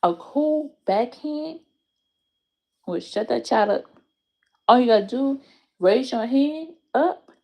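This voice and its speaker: Gravelly, warm-voiced woman telling stories. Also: measured pace, long pauses. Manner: animated, swears freely, acts out quotes with big pitch jumps. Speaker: aunt telling a story. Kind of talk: casual storytelling vlog.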